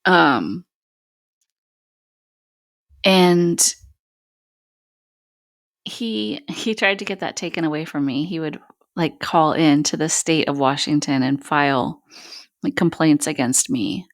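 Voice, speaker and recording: A woman host candidly telling a personal story on a podcast, halting and pausing often. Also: sits low, no room sound, clean studio sound. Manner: candid, halting, many pauses.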